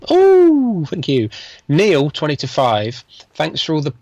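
A man's voice: on the high side, measured pace, no echo. Dry-humoured man on a podcast. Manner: dry teasing banter with short murmured replies. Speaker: podcast co-host. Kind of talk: casual chat.

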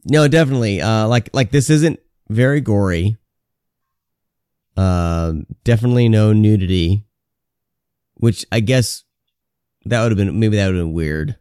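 A man's voice: fairly low pitch, a little slow, long pauses, a little mellow, smooth, no echo. A man co-hosting a horror film podcast in loose, joking casual chat with frequent fillers, on a close podcast mic. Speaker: podcast co-host.

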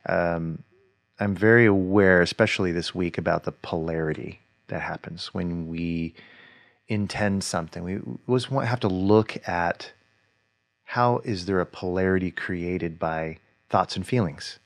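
Male podcast co-host, deep voice, reflective and searching, dry sound. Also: measured pace, vocal fry, no echo. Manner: reflective, thinks aloud with restarts. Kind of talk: casual conversation.

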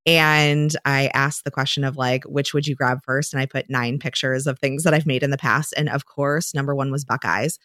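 A woman with a low voice co-hosts a podcast in easy, rambling chat. She talks with many fillers and restarts. The sound is dry and close. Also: fairly even intonation, normal speed, hardly any pauses, fairly bright tone, no room sound. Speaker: podcast co-host; dietitian. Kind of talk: casual chat.

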